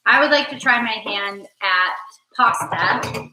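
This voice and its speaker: A woman's voice: fairly high pitch, measured pace, over music. A woman hosting a casual cooking livestream from her home kitchen, joking and teasing as she chats. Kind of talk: casual chat while cooking. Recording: echoey kitchen, faint noise.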